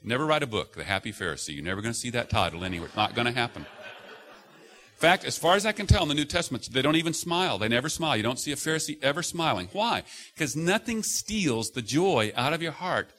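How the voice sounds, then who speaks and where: A man's voice: medium pitch, quick pace. A middle-aged man preaching a sermon to a congregation, telling stories and acting out the voices he quotes. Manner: animated storytelling, acts out quoted voices loudly. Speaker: pastor. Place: church sanctuary before a congregation.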